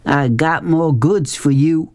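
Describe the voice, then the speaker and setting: A man voicing a loud, swaggering, bossy grown man who hollers and drawls. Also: a little high, slow pace, dry recording, voice pushed up.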